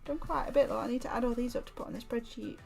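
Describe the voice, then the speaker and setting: A woman's voice: on the high side, steady tone, racing, vocal fry, darkish tone, faint music behind. Chatty woman streaming crafts. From Derbyshire, England. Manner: chatty, rambling, giggly. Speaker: livestream host. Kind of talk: casual livestream chat while stitching.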